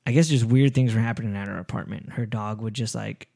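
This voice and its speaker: A man's voice: fairly low pitch, steady tone, fast, vocal fry, dark tone, dry recording, clean studio sound. Casual man rambling through a story. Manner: rambling, restarts, swears often. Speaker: podcast host.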